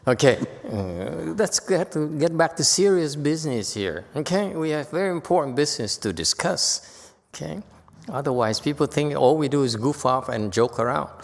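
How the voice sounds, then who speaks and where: A man's voice: on the high side, lively intonation, moderate pace, vocal fry. Buddhist teacher, man, dharma talk in a temple hall, keeps asking "okay?", long reverb. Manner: chatty, often checks in with "okay?"; joking asides. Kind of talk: dharma lecture.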